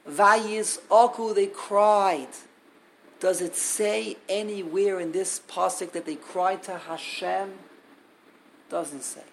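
Male Torah teacher, gravelly voice, emphatic and repetitive, climbs to loud peaks. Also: high voice, a little hiss or hum, rough recording. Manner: emphatic, repeats key words, builds to loud peaks. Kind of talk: Torah class.

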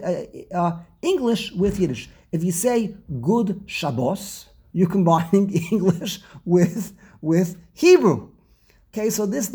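A man's voice: high-pitched, vocal fry, darkish tone, husky. A man teaching a religious text study class, rambling and often repeating words and restarting his sentences.

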